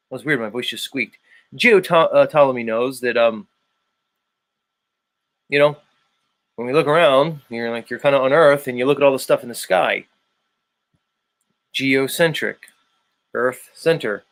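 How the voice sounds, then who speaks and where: A man with a South Philadelphia accent hosting a live stream, chatting casually with viewers in a playful way, swinging his pitch and volume and drawing out words. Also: moderate pace, pauses often, a bit bright, no echo. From United States. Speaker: live show host.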